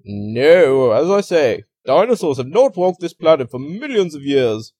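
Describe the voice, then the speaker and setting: A man's voice: fairly high pitch, big pitch swings, measured pace, warm tone, husky, no room sound, voice pushed up, exaggerated voice. A man voicing a pompous, dismissive male professor in a comic story.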